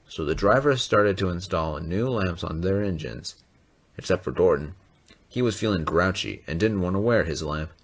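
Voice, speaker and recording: A man with a low voice narrates a toy train story, his pitch rising and falling a lot. He reads in an expressive storybook style over faint music. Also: normal speed, vocal fry.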